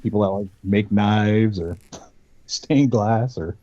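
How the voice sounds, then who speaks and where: A man's voice: lowish voice, slow, mellow, dry recording, highs cut off. A man chatting easily as a podcast guest, rambling a little as he explains his hobbies. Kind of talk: casual chat.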